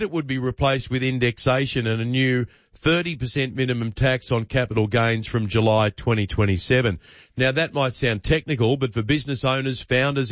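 A man's voice: medium pitch, fairly bright tone, no echo, dull audio. An Australian man hosting a breakfast radio show, delivering opinion commentary with punchy, emphatic rhetoric. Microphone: studio microphone.

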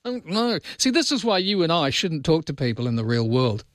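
A man's voice: on the high side, very animated, a little fast, dry recording, clean studio sound. A middle-aged man hosting a late-night radio call-in show, chatting casually and telling rambling stories full of restarts. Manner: rambling storyteller with many restarts and fillers. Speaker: radio talk show host.

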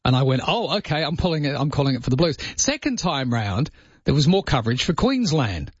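Chatty Australian talkback radio host. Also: male voice, fairly high pitch, very animated, fairly quick, husky, dry recording, muffled recording. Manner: chatty, joking, laughs often. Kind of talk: casual talkback radio chat.

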